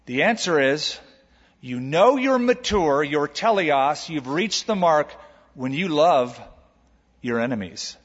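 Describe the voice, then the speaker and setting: A man preaching a sermon to a congregation, animated, stretching out key words and putting rhetorical questions to the listeners. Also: on the high side, slow pace, husky. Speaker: pastor. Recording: long hall reverb, dull lo-fi sound.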